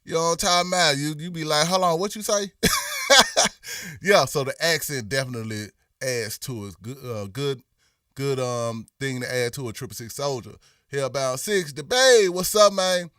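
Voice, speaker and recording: A man's voice: mid-range voice, moderate pace, fairly bright tone, no echo, clean studio sound, far from the mic. A middle-aged man with a Memphis accent, hosting a casual livestream and reading viewer comments in a drawling, laid-back way, his voice a little worn from performing. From Memphis, Tennessee. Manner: laid-back, drawling, lots of "you know what I'm saying". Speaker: livestream host.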